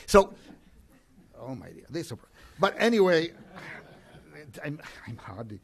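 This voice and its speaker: Man presenting at an academic conference, voice a touch high, stop-start delivery full of restarts. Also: sing-song, vocal fry. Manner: halting, with frequent hesitations and restarts. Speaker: conference speaker.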